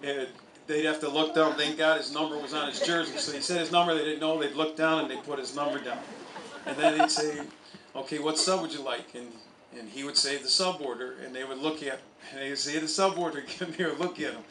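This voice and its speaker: Male coach telling anecdotes at a memorial, somewhat high voice, faint ambience. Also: steady tone, brisk, echoey room, recorded from a distance, noisy background. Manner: anecdotal storytelling, with chuckles. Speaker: college soccer coach. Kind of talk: memorial speech. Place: outdoor stadium.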